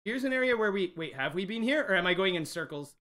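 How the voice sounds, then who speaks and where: A young man streaming a game live, jumpy and excitable, talking straight to his chat. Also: high-pitched, fast. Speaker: gaming livestreamer. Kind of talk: live let's-play commentary.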